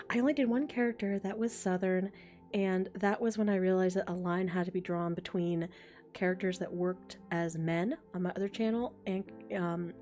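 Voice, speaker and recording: A woman's voice: lowish voice, dark tone. A young woman who makes voice recordings, chatting casually on a live stream, reading chat comments, thinking aloud and laughing often. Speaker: ASMR voice creator streaming live. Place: home, a train passing outside.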